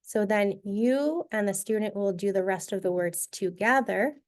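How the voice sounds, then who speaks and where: Modeling a reading activity for trainee teachers, a woman explains each step in a clear, instructional style. Her voice is mid-range and she speaks at a normal speed.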